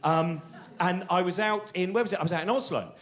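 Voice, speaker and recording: A man doing live stand-up on a theatre stage, telling rambling, excitable stories that keep interrupting themselves. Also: high-pitched, brisk. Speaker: stand-up comedian.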